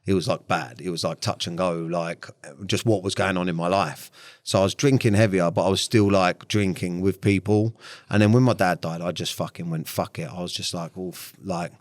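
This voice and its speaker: Low-voiced frank man. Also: steady tone, no echo. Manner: frank and blunt, swears freely, halting restarts. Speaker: podcast guest. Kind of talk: candid interview talk.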